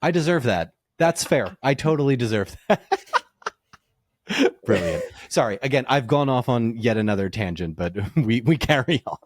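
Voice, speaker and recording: Podcast guest: excitable man, lively swooping pitch, dry close sound, prone to tangents. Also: moderate pace, no echo. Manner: excitable, laughs often, rambling tangents. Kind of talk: casual chat.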